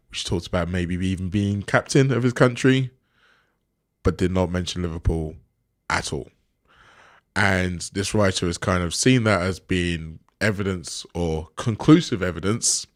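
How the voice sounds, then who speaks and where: A man hosting a football podcast in casual chat, laying out a topic in a measured, steady way. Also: low voice, no echo, clean studio sound. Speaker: podcast host.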